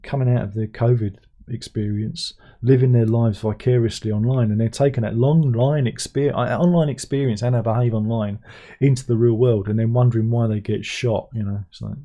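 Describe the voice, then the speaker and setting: A man's voice: mid-range voice, fairly even intonation, a little fast, mellow. A man hosting a casual livestream chat, rambling and sardonic, often restarting his sentences. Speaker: livestream host.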